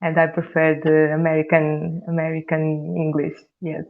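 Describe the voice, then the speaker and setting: A woman from Italy, hosting a casual English conversation and steering the talk in a measured way. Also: low voice, monotone, creaky. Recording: tinny phone-like call audio.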